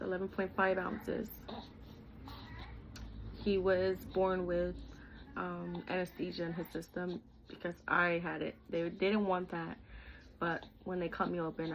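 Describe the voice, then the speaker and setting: A woman's voice: on the low side, a little hiss or hum, rough recording. A young woman vlogging, telling a personal story in a candid, heartfelt, chatty way, full of "like" and "literally".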